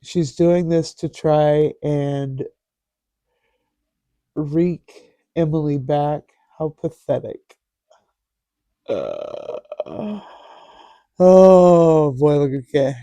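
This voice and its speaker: Male vlog host, sarcastic and mocking, slow delivery, deep-toned mellow timbre. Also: no echo. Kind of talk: casual commentary reading posts aloud.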